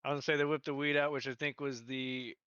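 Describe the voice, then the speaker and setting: A man's voice: mid-range voice, flat delivery, fast talker, a bit bright, clean tone, no room sound, muffled recording. A man co-hosting a podcast, casually recapping a movie with lots of laughter and profanity. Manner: laughing, profane, acting out quotes. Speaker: podcast co-host.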